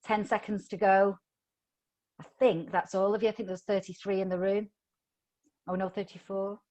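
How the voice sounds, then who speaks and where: Lady running a phonics training on a video call, peppy and coaxing, mid pitch. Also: level tone, moderate pace, a little mellow. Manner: upbeat, coaxing, playful teacher voice. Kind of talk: live online teacher training.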